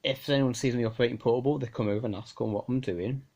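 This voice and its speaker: Speaking to his phone camera, this amateur radio vlogger has a medium-pitched, darkish voice with a steady tone and a quick pace. His casual talk is rambling, exasperated and chatty, with frequent "you know."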